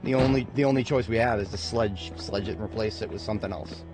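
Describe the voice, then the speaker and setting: A man's voice: fairly low pitch, fast talker. A man casually commenting on his own gameplay, muttering to himself and often swearing. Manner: swears a lot, flips from mumbling to angry yelling. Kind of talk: casual let's-play commentary. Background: game music and sounds.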